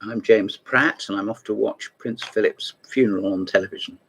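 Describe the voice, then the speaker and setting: A man's voice: lowish voice, fairly even intonation, moderate pace, a bit bright, slightly rough, low-quality recording. A man hosting a casual show-and-tell video series, talking in a rambling way with wry asides. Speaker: host of a chess book video series.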